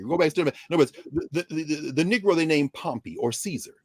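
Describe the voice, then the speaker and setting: A man speaking as a guest scholar on a talk show, telling stories in an animated way, acting out quoted exchanges and scattering "you know" through his speech. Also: a little high, fairly quick, hardly any pauses, husky, no room sound. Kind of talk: animated talk-radio commentary.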